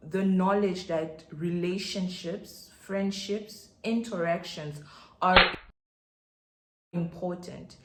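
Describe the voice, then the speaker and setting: A woman with a Nigerian accent giving an excitable, chatty faith talk as a podcast host, addressing her listeners directly. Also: lowish voice, echoey room.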